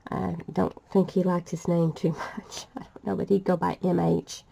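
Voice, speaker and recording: A woman's voice: on the low side, level tone, moderate pace, gravelly, dark tone, slightly rough. An older woman, chatting casually and laughing often as she tells family stories while crafting. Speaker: vlogger.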